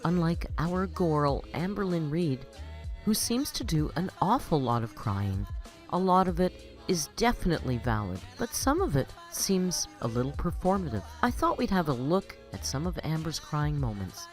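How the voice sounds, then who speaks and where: A woman hosting a commentary channel, narrating a scripted, friendly and measured commentary. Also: deep voice, very animated, soft background music.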